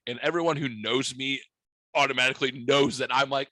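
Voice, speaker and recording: A young man hosts a casual podcast, spinning a profane, wisecracking story. His voice is bright and forward, recorded dry and close with no room sound. He is at a middling pitch for a man. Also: fairly even intonation, fast, dry recording, poor audio. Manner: profane, joking smart-aleck storytelling. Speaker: podcast host.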